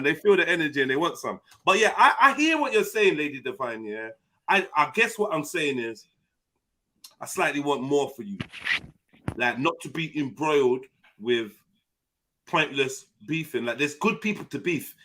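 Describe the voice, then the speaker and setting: A teasing man with a cold banters on a live panel, his voice bright and fairly high. His pitch rises and falls freely as he jokes and repeats himself. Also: expressive, moderate pace. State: has a cold.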